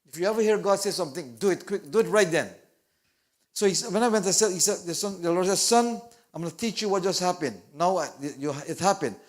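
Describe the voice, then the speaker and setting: A male preacher with a fairly high voice, delivering a sermon at a church service. He swings between loud exhortation and quiet, acted-out storytelling. His English carries non-native grammar. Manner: acts out dialogue, laughs. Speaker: guest evangelist preacher.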